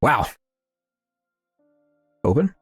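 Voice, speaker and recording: With faint music behind him, a let's play host draws out his words as he casually plays a horror game. He's slightly nasal after a sneeze, and he rambles on, teasing himself and chatting back at the game.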